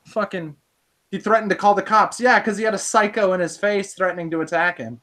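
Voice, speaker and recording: A woman's voice: medium pitch, fairly even intonation, brisk, fairly bright tone. A woman co-hosting a podcast, ranting angrily and profanely in casual commentary. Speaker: podcast co-host.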